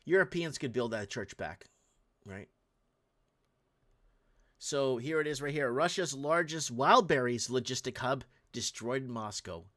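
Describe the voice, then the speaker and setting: A man's voice: mid-range voice, expressive, unhurried, pauses often, a bit bright. A man hosting a show, giving casual, ranting commentary over video clips and talking straight to viewers. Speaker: host.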